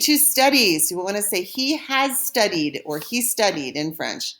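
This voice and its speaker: A woman's voice: medium pitch, lively intonation, moderate pace, few pauses, a bit bright. Patient woman teaching French verbs. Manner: patient, step-by-step explaining, modeling pronunciation. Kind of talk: recorded classroom lesson.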